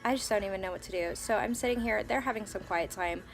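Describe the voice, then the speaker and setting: A woman's voice: mid-range voice, fast, vocal fry. A young woman, a mother of three young children, casually telling a story in a home vlog, rambling with many fillers and restarts. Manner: quotes her child in a soft whisper. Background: faint music playing.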